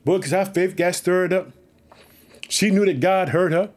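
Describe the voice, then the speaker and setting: A man preaching with excitement, reading a Bible story aloud and repeatedly urging listeners to trust God. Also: high-pitched, a little slow.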